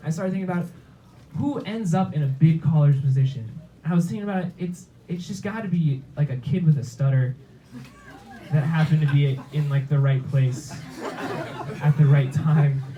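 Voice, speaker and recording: A young adult man performing a stand-up comedy set on a club stage, jumping into high-pitched voices for the characters in his stories. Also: moderate pace, mellow, dull audio. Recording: noisy club recording.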